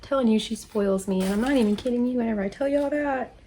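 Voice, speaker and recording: A woman's voice: fairly high pitch, fast, warm tone, a little hiss or hum. Giggly, emotional woman. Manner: emotional and giggly, gushing thanks. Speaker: crafting channel host. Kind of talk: casual chat while opening mail.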